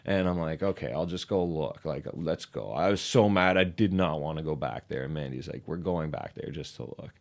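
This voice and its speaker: This is a man with a very low voice, chatting casually as a podcast guest. He rambles through a story full of "like" and gets animated as he replays the moments. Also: normal speed, hardly any pauses. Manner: rambling, lots of "like", animated retelling. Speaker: podcast guest, ramp builder.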